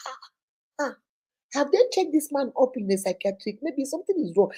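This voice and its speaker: Husky woman telling a story. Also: sits high, a little fast. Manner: animated, dramatic storyteller. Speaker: host. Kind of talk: storytelling live stream.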